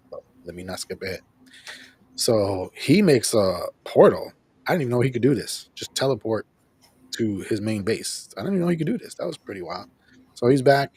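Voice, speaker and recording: Lively, husky-voiced man recapping an episode. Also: medium pitch, no echo. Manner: animated recapping, acts out characters' lines, laughs often. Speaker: host of a show reviewing an episode. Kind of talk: casual chat recapping an episode.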